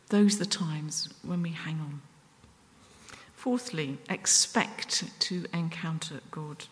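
Woman preaching in a reverberant hall. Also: on the low side. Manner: earnest, self-deprecating, pauses and restarts. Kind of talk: sermon.

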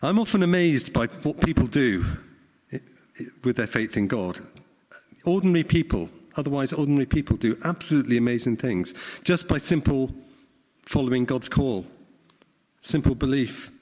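A man's voice: medium pitch, animated, normal speed, darkish tone. A middle-aged man, preaching a sermon in a conversational way and often asking the congregation questions. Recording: long hall reverb.

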